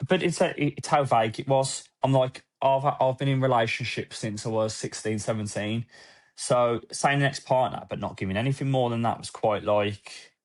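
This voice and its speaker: A man, a former police officer, gives a candid, emotional personal account in a podcast interview, with halting restarts, quoted dialogue and casual swearing. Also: mid-range voice.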